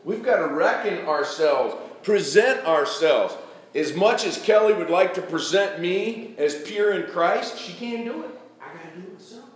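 Male preacher, middle-aged, folksy sermon delivery, animated rise and fall, slightly high voice, echoey church room. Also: moderate pace. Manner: folksy, addresses congregation by name.

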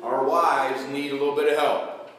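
A man's voice: mid-range voice, flat delivery, moderate pace, a bit bright, reverberant, a little hiss or hum. A middle-aged man preaching a sermon in a church, folksy, calling out members of the congregation by name.

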